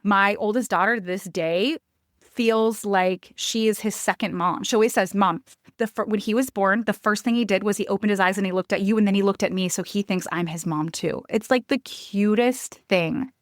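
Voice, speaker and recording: Woman, thirties, podcast host; candid storyteller who acts out dialogue, mid-pitched, dry close sound. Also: moderate pace, no room sound. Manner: animated, acts out quotes with raised pitch; candid, conversational. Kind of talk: personal storytelling monologue.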